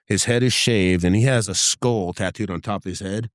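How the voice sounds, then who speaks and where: A middle-aged man with a low voice, a former undercover agent appearing as a podcast guest, tells vivid, profane anecdotes and acts out the dialogue. It's a casual storytelling interview at normal speed, recorded dry with clean studio sound.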